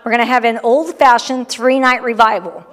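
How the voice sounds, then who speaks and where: A middle-aged woman preaches in a church, her voice a touch high and lifting into long hall reverb. She talks in a casual, joking way, acting out little voices for the people in her story. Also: steady tone, normal speed, a bit bright. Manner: conversational and humorous, acting out people. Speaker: pastor. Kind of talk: sermon. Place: church sanctuary.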